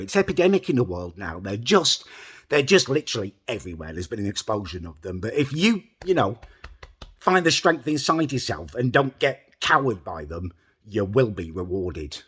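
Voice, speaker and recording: A man's voice: lowish voice, big pitch swings, moderate pace, a bit bright, breathy edge. A man telling an exasperated, sweary comic story to camera in a self-important way. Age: adult, older than mid-twenties. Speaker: storytelling host.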